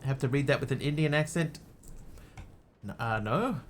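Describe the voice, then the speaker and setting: A man's voice: mid-range voice, lively intonation, normal speed, slight background noise. A man streaming a video game live, chatting casually and thinking aloud in muttered asides. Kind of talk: casual live gameplay commentary.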